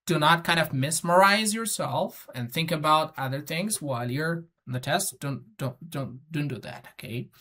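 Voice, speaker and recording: Teacher, middle pitch, patient and repetitive, explains step by step with frequent fillers. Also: moderate pace, few pauses, bright, forceful tone. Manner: instructive, gives spoken examples. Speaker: English test-prep teacher. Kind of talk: explaining lesson to students.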